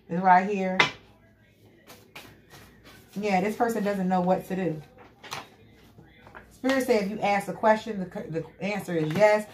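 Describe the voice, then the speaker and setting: A woman delivers a tarot reading in an emphatic, repetitive way. Her voice sits in a middle pitch. It echoes around the room over a loud bed of background noise. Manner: emphatic, repetitive, frequent "you know what I'm saying". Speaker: tarot reader.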